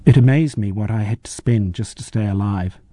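Male audiobook narrator: very dark, mellow tone, measured and reflective. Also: fairly low pitch, no room sound.

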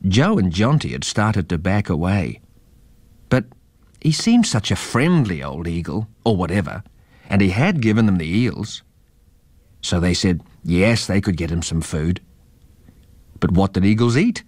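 A man reading a children's story aloud in a measured, expressive way. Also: deep voice, no room sound.

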